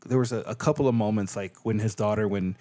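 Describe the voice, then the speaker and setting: A man's voice: lowish voice, fairly even intonation, fast, warm tone. A man co-hosting a podcast, chatting casually about a film, with plenty of "like" and frequent laughs. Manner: chatty, laughs often, many "like" fillers. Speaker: podcast co-host. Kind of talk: casual chat, movie review.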